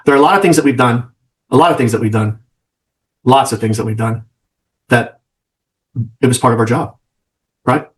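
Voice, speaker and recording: A middle-aged man talks straight to camera, emphatic and blunt. He repeats his phrases and keeps asking "right?" to drive each point home. His voice sits at an ordinary middle pitch. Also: normal speed, long pauses. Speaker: trading mentor. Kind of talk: direct-to-camera vlog.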